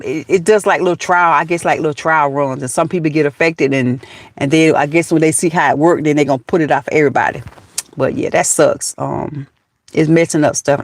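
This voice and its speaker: A woman's voice: fairly low pitch, no echo. A woman with a Southern US accent from Georgia, hosting a casual live stream outdoors and chatting folksily with viewers, calling them baby and honey.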